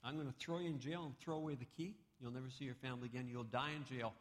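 A man's voice: mid-range voice, fairly even intonation, quick pace, close to an everyday voice. A man doing a harsh threatening lender. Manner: stern, threatening. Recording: echoey hall.

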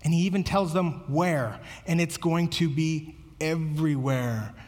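Casting: male pastor with a high voice, earnest conversational sermon, lingering hall reverb. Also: unhurried, a little mellow. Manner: earnest, conversational preaching with repeated words.

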